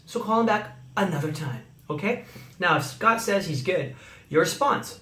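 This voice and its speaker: A man's voice: high voice, expressive, normal speed, a bit bright. A man teaching how to invite people by phone, coaching and acting out sample calls, recorded on a phone. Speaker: sales trainer. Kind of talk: instructional talk to camera. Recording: echoey room, phone mic.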